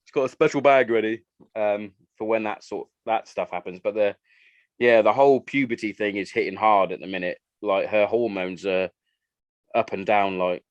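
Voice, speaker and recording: This thirty-something podcast host keeps things conversational, slipping into his family's voices during his stories. His voice sits on the low side and moves at a moderate pace. The audio is dull, with no room sound.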